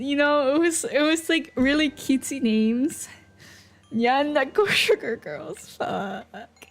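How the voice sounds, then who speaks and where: A woman streaming, chatting casually with viewers in a rambling, playful way full of fillers and restarts. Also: a little high. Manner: playful, giggly. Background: faint background music.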